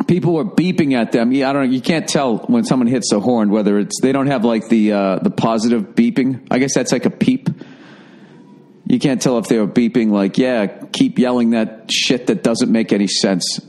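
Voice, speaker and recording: A podcast host with a mid-range, slightly mellow voice riffs alone in a casual comedic monologue that is profane, rambling, and sarcastic.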